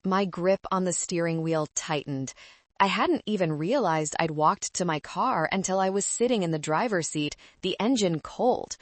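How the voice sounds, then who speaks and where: A woman narrating a first-person story in a measured, controlled way. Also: lowish voice, dry recording.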